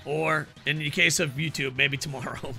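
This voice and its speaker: A man's voice: a little high, fairly even intonation, normal speed, creaky, pushed and bright, soft background music. A man giving playful live-stream commentary over a wrestling video game, joking with his chat and throwing in ring-announcer flourishes.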